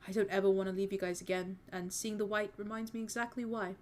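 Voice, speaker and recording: A woman reading the lines of a remorseful older brother from a fan story, quiet and earnest. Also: mid-range voice, flat delivery, quick pace, slight background noise, natural voice. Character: older brother, young man, remorseful and gentle. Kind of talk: reading fan fiction aloud on stream.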